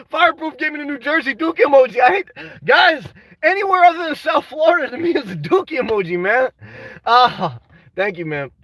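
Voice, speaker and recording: Young guy ranting on a live stream, high voice, says man every other sentence, dry close sound. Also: no echo, far from the mic. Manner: restless, says "man" constantly, swings to shouting. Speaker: vlogger reading live chat. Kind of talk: emotional livestream chat.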